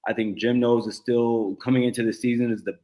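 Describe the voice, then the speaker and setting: A man's voice: mid-range voice, little pitch movement, quick pace, dark tone. A man in his thirties talking sports casually, with many stuttered restarts. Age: 30s.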